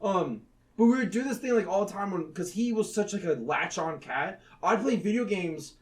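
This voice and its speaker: High, lively swearing storyteller man. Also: moderate pace. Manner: animated, profane storytelling with loud laughing outbursts. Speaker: podcast co-host. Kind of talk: casual chat.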